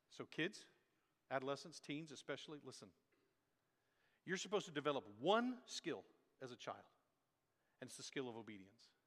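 A male pastor preaches a sermon in a bright, ringing voice that sits a little high for a man. He is animated and emphatic, repeats words for weight and acts out quotes. The sound carries the long reverb of a church hall. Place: church sanctuary.

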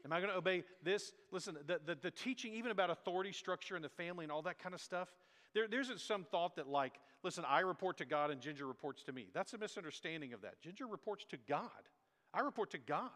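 A male pastor preaching a sermon in a church, animated and emphatic, repeating his words and acting out quotes. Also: sits high, fast talker. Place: church sanctuary. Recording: long echoey hall reverb.

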